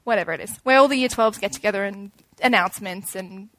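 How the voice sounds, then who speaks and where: A young woman gives an informal sermon, chatty and animated, acting out little scenes as she goes. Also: medium pitch, fast talker, no echo.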